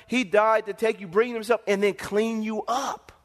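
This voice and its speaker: A man's voice: sits high, steady tone, normal speed. A male pastor preaching a sermon in an emphatic, repetitive, call-and-response manner, with a long hall reverb.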